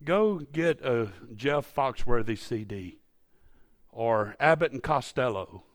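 A man preaching a sermon in a church, folksy and storytelling, rising to loud emphatic peaks. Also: medium pitch, animated, slow pace, dry recording, studio quality. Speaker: pastor. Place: church sanctuary.

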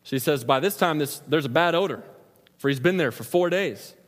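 A man's voice: a little high, moderate pace. A man preaching a sermon, retelling the scripture story in a casual, slangy storytelling manner. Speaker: pastor. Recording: long reverb of a large hall.

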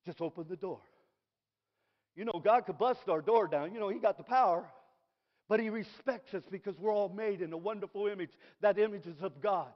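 A middle-aged man preaching a sermon in an animated way, dropping to soft asides and rising to shouted praise. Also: high voice, brisk. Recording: dull recording in a reverberant hall.

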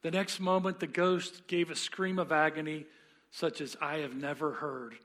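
A pastor with a fairly high voice preaching a sermon. He tells the story earnestly and leans into dramatic pauses. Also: fairly bright tone.

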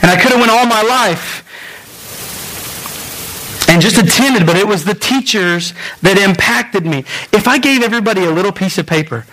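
A man, preaching a sermon in a church and speaking directly to his congregation in an animated storytelling manner. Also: high-pitched, low-quality recording. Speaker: pastor. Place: church sanctuary.

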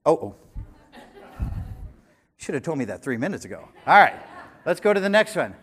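An older man in his sixties preaching a sermon, animated, swinging between loud emphasis and quiet conversational asides. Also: fairly high pitch, moderate pace, slightly rough. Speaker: pastor.

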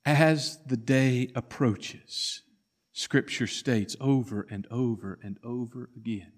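A man preaching a sermon, telling the story dramatically and swinging from loud to hushed. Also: mid-range voice, slow. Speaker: pastor.

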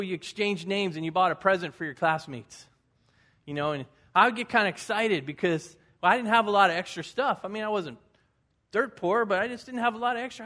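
A man's voice: high-pitched, a bit bright. A man in his fifties, a pastor giving a folksy, conversational sermon with personal stories.

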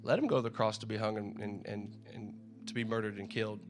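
This preacher talks fast in a lowish, steady voice with music underneath. His delivery is relaxed and chatty as he reads from scripture, circles back over his own words, and mimics crowd shouts.

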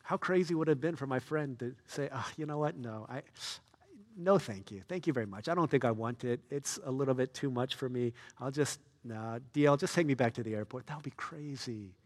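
Male pastor, mid-pitched, lively storyteller, soft to loud. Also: a little fast, long reverb tail. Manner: storytelling, swings between soft and loud, excited. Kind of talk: sermon.

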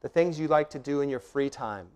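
A middle-aged male pastor delivering a sermon in an earnest, emphatic way. His voice sits at an ordinary middle pitch, and he steps through his points one by one, often pausing on rhetorical questions. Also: a little mellow, clean tone.

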